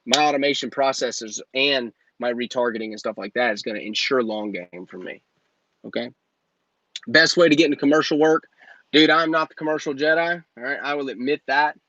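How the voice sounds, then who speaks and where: A man's voice: medium pitch, fairly quick, pushed and bright, muffled recording. Brash, joking man in his thirties. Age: 30s. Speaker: host and business coach. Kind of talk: live Q&A stream. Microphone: phone.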